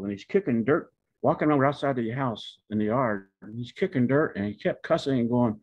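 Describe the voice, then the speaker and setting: A man in his 70s from Pawnee, Oklahoma, tells a rambling, folksy story about his family, correcting himself along the way. His medium-pitched voice is a little mellow and moves fairly quickly. The recording is dull and lo-fi.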